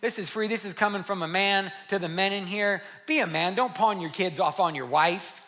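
Man, pastor, sermon to a congregation, bright tense voice, high pitch, animated and repetitive. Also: normal speed. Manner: animated preaching with rhetorical questions and repetition. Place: church service with a congregation.

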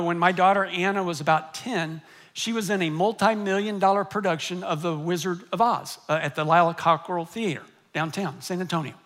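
Middle-aged pastor, high tenor voice, animated sermon storyteller who drops to a hush for effect. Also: male voice. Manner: animated storytelling, swinging between loud and hushed.

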